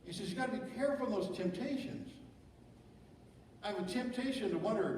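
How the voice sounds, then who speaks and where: Middle-aged guy preaching, kinda high voice, lots of "don't we?" questions, far from the mic, big echoey church, faint hiss. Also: expressive, fairly quick, pauses often, a little mellow. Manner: conversational preaching with rhetorical questions. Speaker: pastor. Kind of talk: sermon. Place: church sanctuary.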